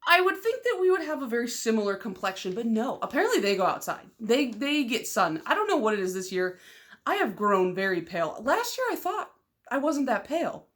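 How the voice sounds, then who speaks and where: A young woman from Michigan chatting casually in a nail polish vlog. She rambles with lots of "like" fillers, is excitable and loud, and laughs often. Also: fairly high pitch, fairly quick.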